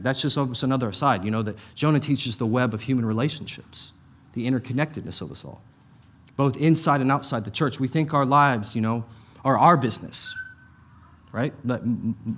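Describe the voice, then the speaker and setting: A middle-aged pastor giving a conversational sermon, with emphatic repetitions and casual asides. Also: male voice, medium pitch, a bit bright.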